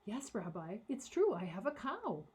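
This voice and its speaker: A woman voicing a poor, desperate peasant man who pleads in high, panicky cries. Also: expressive, moderate pace, mellow, husky. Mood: frantic.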